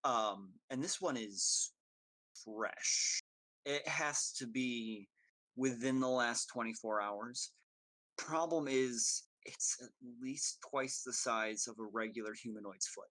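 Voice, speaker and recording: Halting man running a tabletop game. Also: medium pitch, bright, forceful tone, dry recording. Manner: halting, many ums and uhs. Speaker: game master.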